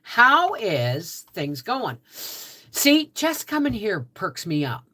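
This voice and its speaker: A woman's voice: medium pitch, very animated, takes it slowly, pushed and bright. A Canadian woman hosting a casual homestead livestream, greeting viewers by name in a chatty way, just out of bed. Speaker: livestream host.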